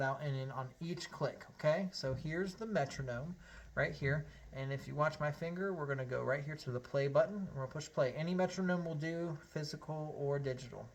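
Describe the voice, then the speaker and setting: A man teaching a harmonica lesson, explaining step by step in a friendly way and counting beats aloud. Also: fairly high pitch. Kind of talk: online music lesson.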